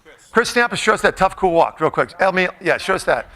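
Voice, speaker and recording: A man's voice: high-pitched, very animated, brisk, bright, forceful tone. A middle-aged man giving a joking, interactive talk as a motivational speaker, directing the crowd in a room with tables. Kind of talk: interactive comedic talk to a live audience. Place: event room with tables of listeners.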